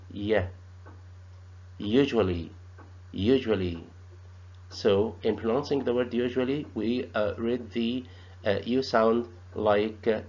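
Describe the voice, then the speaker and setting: Male teacher, halting, repeats sounds, slow delivery, low voice, dull lo-fi recording. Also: a little mellow. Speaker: English teacher. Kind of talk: grammar lesson.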